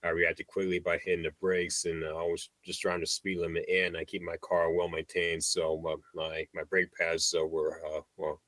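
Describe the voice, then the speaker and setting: A man chatting casually on a livestream, speaking haltingly with many fillers and repeated words. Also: sits low, completely flat delivery, fairly bright tone, dry recording. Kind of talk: casual chat.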